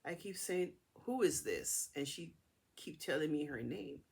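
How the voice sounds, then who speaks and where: A middle-aged woman casually telling a personal story to her camera in a chatty, animated way. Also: sits low, unhurried, gravelly, slightly rough. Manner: chatty, animated retelling with acted-out dialogue. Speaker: vlogger.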